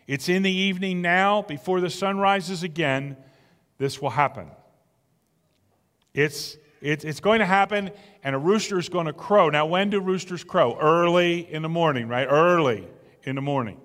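A man's voice: on the high side, fairly bright tone, long reverb tail. A man preaching a sermon in an emphatic, conversational way, asking his listeners rhetorical questions. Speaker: pastor.

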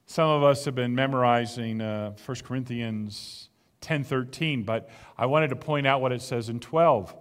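A man's voice: medium pitch, long reverb tail. A man preaching a sermon in an emphatic, conversational way, asking his listeners rhetorical questions. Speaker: pastor.

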